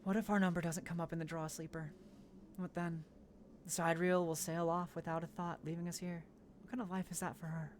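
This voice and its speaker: A worn-out former mercenary father speaks quietly and heavily, as a woman reads his lines aloud. The voice sits on the low side and stays soft and subdued, like game dialogue read aloud. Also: flat delivery, brisk, slight background noise, natural voice. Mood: worried.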